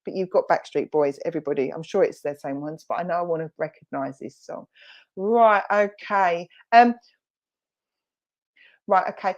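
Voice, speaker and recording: Over a video call during an online service, a woman with a Romford, Essex accent works as a spiritualist medium, passing on spirit messages. She's chatty and reassuring, with frequent fillers and self-corrections, speaking at a normal speed in a mid-range, darkish voice.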